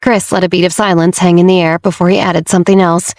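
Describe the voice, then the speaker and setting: A woman narrating a romance audiobook in a steady, measured storytelling manner, recorded close to the mic. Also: on the low side, dry recording. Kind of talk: scripted narration.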